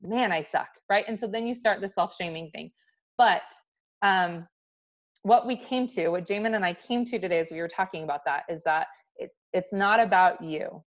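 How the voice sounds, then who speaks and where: A woman's voice: lowish voice, moderate pace. Chatty woman on a lo-fi livestream. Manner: chatty and candid, many restarts and "like". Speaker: host of a livestream talk. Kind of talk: casual talk to a live audience.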